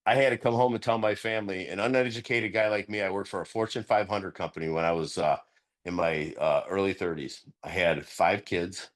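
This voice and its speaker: A middle-aged man speaks candidly as a sponsor at a recovery meeting, earnest and animated. He laughs often, his voice jumps higher when he stresses a point, and his pace is brisk.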